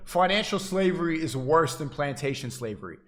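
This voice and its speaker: Preachy young-sounding male streamer, higher voice. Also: expressive, fairly quick, a bit bright. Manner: preachy, insistent, repeats and restarts phrases. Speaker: livestreamer addressing chat. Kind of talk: livestream monologue.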